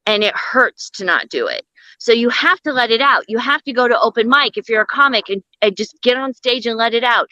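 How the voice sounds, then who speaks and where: A woman stand-up comic telling bawdy stories as a guest in an interview, brash and animated. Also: a little high, fairly quick, no echo, muffled recording. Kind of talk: comedic storytelling in an interview.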